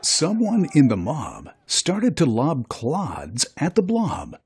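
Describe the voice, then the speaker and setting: A narrator reading a children's storybook aloud in an expressive, sing-song way. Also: medium pitch, slow pace, husky, some chatter behind.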